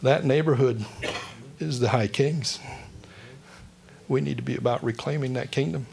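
A man's voice: medium pitch, normal speed, creaky, darkish tone. A male pastor giving a conversational sermon, joking and asking the congregation questions.

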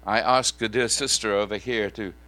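A man preaching a sermon, shifting between loud proclamation and quiet, chatty asides to the congregation. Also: fairly low pitch, steady tone, normal speed, no room sound.

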